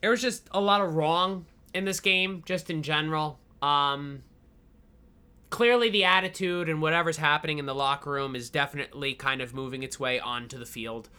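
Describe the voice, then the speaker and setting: Bright-voiced rambling football podcast guy. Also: fairly high pitch, moderate pace, clean tone. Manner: rambling, animated, self-deprecating. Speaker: podcast co-host. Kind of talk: casual football chat.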